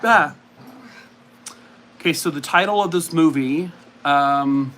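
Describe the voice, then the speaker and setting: Slow, chatty man on a livestream. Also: on the high side, fairly even intonation, a bit bright, a little hiss or hum. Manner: chatty, self-mocking, reacts to viewer comments. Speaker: livestream host. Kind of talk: casual livestream chat.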